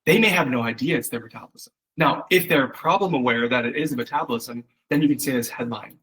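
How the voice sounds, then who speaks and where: Fast and a bit bright, with a husky mid-range voice, a man coaches someone on their copy in a chatty one-on-one critique. Fillers abound, and he performs quoted voices as examples. The recording quality is low.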